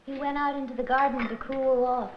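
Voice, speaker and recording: A woman's voice: high voice, flat delivery, fairly quick, soft background music, natural voice. An actress playing a headstrong daughter in her twenties, bantering sassily with her father. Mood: sassy. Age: 20s. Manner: sassy, bantering. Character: headstrong young daughter, quick and playful. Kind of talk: 1970s sitcom acting. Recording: dull old TV film with loud hiss.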